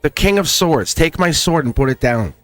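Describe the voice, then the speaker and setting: A man hosting a spiritual tarot talk, speaking in an animated way with lots of repetition and frequent laughs. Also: fairly high pitch, normal speed, dry recording, faint music behind. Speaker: tarot reader and channel host.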